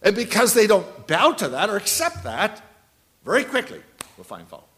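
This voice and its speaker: A man around seventy preaching a sermon, telling anecdotes and repeating key phrases, swinging between loud and hushed delivery. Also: sits high, wildly swooping pitch, moderate pace.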